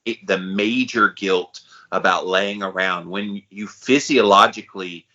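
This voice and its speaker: Man co-host, lowish forceful voice, earnest and supportive, muffled audio. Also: unhurried. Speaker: podcast co-host. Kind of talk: supportive conversation.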